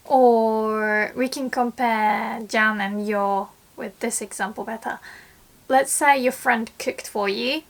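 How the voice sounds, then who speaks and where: A young woman in a casual language lesson, explaining Japanese phrases and acting out lively examples. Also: on the high side, unhurried, gravelly.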